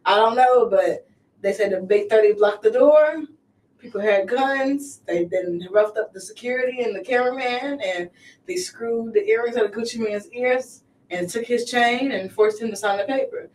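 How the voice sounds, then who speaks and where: A woman's voice: a little high, moderate pace, darkish tone. A woman co-hosting a casual chat show, retelling news stories and hedging with "I think". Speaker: podcast co-host. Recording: echoey room, distant mic, faint noise.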